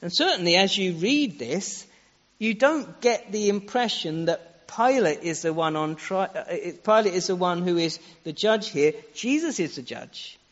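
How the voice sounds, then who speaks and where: High-voiced earnest male preacher. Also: expressive, a little slow, a bit bright. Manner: earnest, uses rhetorical questions, shifts pace for emphasis. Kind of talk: sermon. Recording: echoey hall, dull lo-fi sound.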